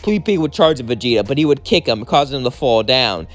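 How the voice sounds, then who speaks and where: A young man with a mid-range voice rattles off his own fan-fiction adventure, fast and expressive, with faint music in the background. He rambles casually as a storyteller and performs every character himself.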